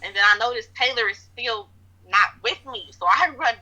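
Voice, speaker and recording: A woman's voice: on the high side, moderate pace, bright, forceful tone. A woman telling a story in a casual interview, rambling with lots of fillers. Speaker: interviewee recounting events. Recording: dull lo-fi audio.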